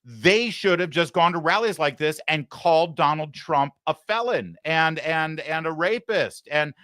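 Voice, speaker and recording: A man hosting a talk show, giving sarcastic, mocking commentary in an animated way. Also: on the high side, a little slow, no room sound, studio quality. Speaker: host.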